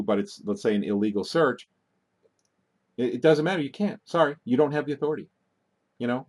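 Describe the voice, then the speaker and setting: A man's voice: medium pitch, brisk, a little mellow. Impassioned rambling man, call-in host. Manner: rambling, getting worked up, many restarts.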